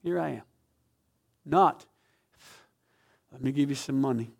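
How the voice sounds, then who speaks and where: A man preaching a sermon as pastor, telling a story with passion, swinging from loud to hushed. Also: medium pitch, a little slow, gravelly. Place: church sanctuary.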